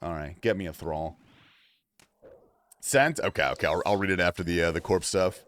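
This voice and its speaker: During a casual gaming livestream, a man whose voice sits low chats at a moderate pace and swears as he reacts to the game and his audience. His delivery alternates between mumbling asides and excited outbursts, with slight background noise in the recording.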